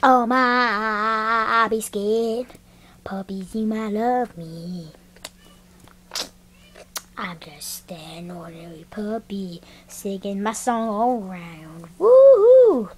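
A woman's voice: mid-range voice, measured pace, natural voice. A woman voicing a goofy male puppy who sings and rambles in a silly, sing-song way in a homemade puppet show.

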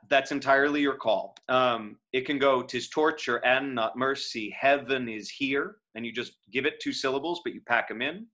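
A man lecturing acting students on verse in a bright, clear voice. He talks casually, filling pauses with "um" and checking in with "right?". He reads lines out in a steady, metronome-like beat. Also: medium pitch. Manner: profane aside. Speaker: acting teacher.

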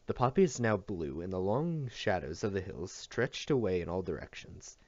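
A man reading a novel aloud as scripted narration, in an expressive storytelling manner. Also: deep voice, moderate pace, dry recording. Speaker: audiobook reader. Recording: dull dry recording.

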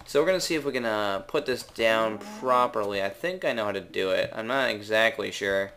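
A young man with a Canadian accent giving casual, rambling gameplay commentary, unsure of himself, with drawn-out words. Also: on the low side, expressive, fairly bright tone. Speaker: gaming video maker.

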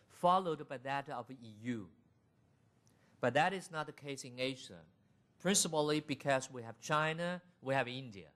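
A middle-aged man giving a university lecture in a deliberate manner, laying out his points as lists. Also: fairly high pitch, a bit bright. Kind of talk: academic lecture.

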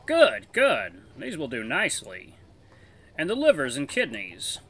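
A man's voice: on the high side, huge pitch swings, unhurried, fairly bright tone, husky, voice pushed up, exaggerated voice. A man voicing a jovial, sly older male wolf merchant who teases and laughs heartily.

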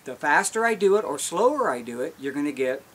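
A man's voice: a little high, sing-song, fairly quick, fairly bright tone, slightly rough. Folksy man teaching elk calls. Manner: folksy, explains step by step. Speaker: elk calling instructor. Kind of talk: instructional demonstration.

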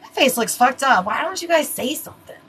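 Woman, tarot reader, bright and higher-pitched, chatty, curses a lot, light background hiss. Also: animated, a little fast, low-quality recording. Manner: chatty, swears freely, laughs at herself. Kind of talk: casual card reading.

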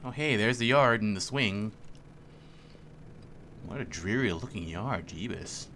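A man's voice: lowish voice, lively intonation, measured pace, a little hiss or hum. A man giving joking, sarcastic commentary while he plays a video game. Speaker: let's play host. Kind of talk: gameplay commentary. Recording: loud game music behind. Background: game music and sounds.

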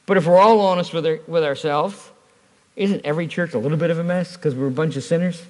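High-voiced man preaching in a church. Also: fast. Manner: conversational, storytelling with rhetorical questions. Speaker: pastor. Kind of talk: sermon. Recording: church hall reverb.

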